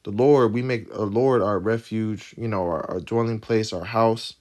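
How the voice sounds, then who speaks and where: A man's voice: lowish voice, moderate pace, a little mellow. A man giving informal bible teaching, reading verses aloud and explaining them emphatically, often tagging his points with "right?". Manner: emphatic, keeps asking "right?" after each point. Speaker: scripture teacher.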